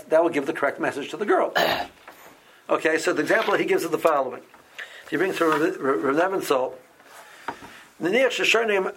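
A man leading an informal Torah class, often restarting phrases and growing lively as he explains. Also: fairly high pitch, a little hiss or hum.

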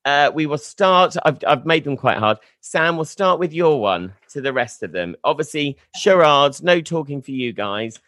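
A man hosts a party game and narrates it as it goes. His pitch swings widely and the sound is dry and close. He talks quickly and laughs often. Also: no room sound. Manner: lively, laughing, fast commentary. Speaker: host. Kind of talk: running commentary on a party game.

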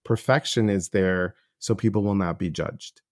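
A middle-aged man with a fairly low voice hosts a podcast chat. He talks earnestly and acts out other people's lines as he tells his stories. The sound is dry and close. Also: normal speed, dry recording. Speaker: podcast host and life coach. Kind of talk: casual interview chat.

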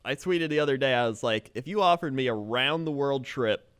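A man's voice: medium pitch, a little fast, fairly bright tone, clear, resonant tone, no room sound. A man chatting casually on a podcast with dry, understated humor.

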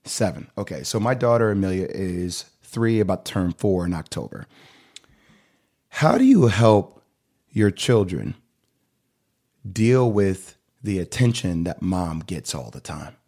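A man's voice: deep voice, animated, measured pace, warm tone. A man hosting an interview, asking personal questions in an open, enthusiastic, candid way. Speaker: host. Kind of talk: casual interview chat.

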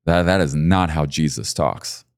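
A man in his forties preaching a sermon, talking to his listeners directly and pushing his voice up high and loud when he urges them on. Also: measured pace, creaky, no room sound, clean studio sound. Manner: emphatic, rises to high excited peaks when urging listeners.

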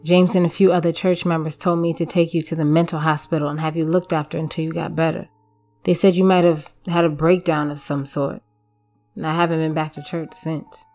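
A woman voicing a weary, secretive husband who speaks in a flat, defensive way. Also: deep voice, a little fast, soft background music.

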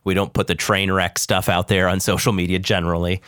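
Deep voiced podcast host guy, reflective, slow thinking out loud. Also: flat delivery, clean tone, no room sound, clean studio sound. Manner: reflective, thoughtful questions. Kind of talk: conversational interview.

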